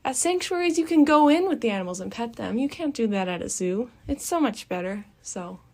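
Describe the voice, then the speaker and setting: A woman's voice: fairly high pitch, animated, brisk. A young adult woman hosting a podcast, talking in a blunt, passionate, rambling way with many fillers, recorded outdoors. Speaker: podcast host. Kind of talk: casual monologue. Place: outdoors near a building.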